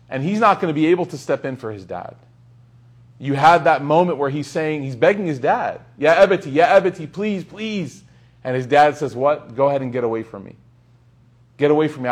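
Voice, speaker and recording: A man's voice: fairly high pitch, slightly rough. A young man giving a casual, joking lecture on Islamic teachings to a class, asking the students questions.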